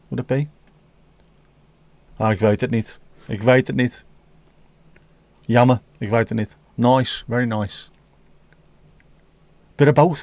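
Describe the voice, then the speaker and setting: Speaking slowly and pausing often, a livestream host reads out comments and teases viewers with laid-back, profane banter. His voice has an ordinary middle pitch, recorded close and dry without room echo.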